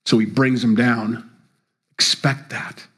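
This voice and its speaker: Husky-voiced man preaching a sermon. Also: takes it slowly. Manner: animated preaching, pitch leaps on emphasis. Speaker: pastor.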